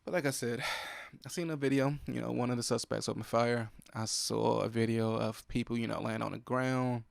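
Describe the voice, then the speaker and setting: A man's voice: mid-range voice, fairly even intonation, normal speed, gravelly, no echo. A young man, hosting a solo podcast and venting in an irritated, profane way about what upsets him. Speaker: podcast host. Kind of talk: solo casual podcast monologue. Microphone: close podcast mic.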